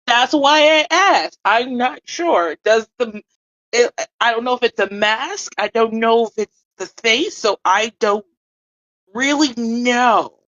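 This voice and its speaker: A woman's voice: on the high side, takes it slowly, a bit bright, no room sound. A woman playing a tabletop game who muses aloud in a hesitant, casual way. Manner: musing, hesitant. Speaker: player. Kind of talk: casual tabletop role-play chat. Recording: dull dry sound.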